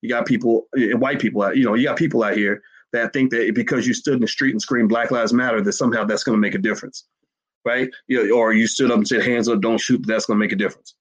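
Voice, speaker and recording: A man's voice: mid-range voice, fairly even intonation, fast talker, slightly rough, poor audio. A man giving emphatic livestream commentary to his chat, hammering points with repeated rhetorical questions. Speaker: finance commentator.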